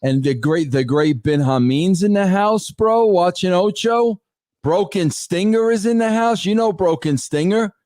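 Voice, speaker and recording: A man's voice: high voice, measured pace, a little mellow, no echo, clean studio sound. A man hosting a live-streamed podcast in a brash, casual way, peppering his talk with "bro". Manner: brash, repeats "bro" a lot. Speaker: podcast host.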